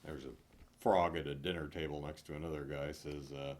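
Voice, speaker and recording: A man reading numbered jokes aloud one after another, hitting each punchline with animated emphasis. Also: a bass voice. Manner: animated, punchy joke delivery with drawn-out punchlines.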